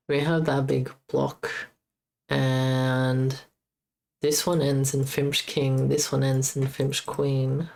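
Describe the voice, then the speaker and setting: A woman streaming as she debugs her game, muttering to herself in a halting, casual way. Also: very deep voice, vocal fry, a little mellow. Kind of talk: casual live-stream coding commentary.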